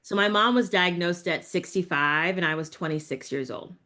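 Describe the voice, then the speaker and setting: A woman's voice: on the low side, moderate pace, pushed and bright. A woman in her thirties, speaking as a family caregiver on a panel, thoughtful and searching for words. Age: 30s. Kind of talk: reflective webinar conversation.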